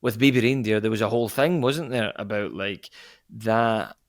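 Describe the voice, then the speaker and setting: A Scottish actor answering an interview question in a casual, rambling way, often correcting himself and laughing. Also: male voice, lowish voice, moderate pace, dry recording, studio quality. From Scotland. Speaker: actor guest.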